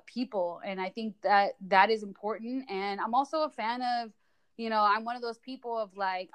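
A woman guest on a podcast, talking in a relaxed, chatty way, full of fillers. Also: medium pitch, clear, resonant tone. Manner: relaxed, chatty, lots of likes and you-knows. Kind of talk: casual podcast chat.

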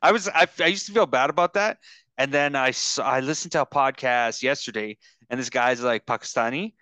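A podcast host chatting casually over a video call, rambling and halting with lots of fillers. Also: male voice, mid-range voice, sharp tone, clear, resonant tone, dry recording. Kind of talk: casual chat.

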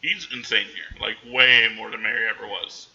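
A man casually recapping a movie in animated chat, jumping into the characters' voices now and then. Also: fairly low pitch, vocal fry, highs cut off, slight background noise. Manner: animated, acts out characters in quick bursts.

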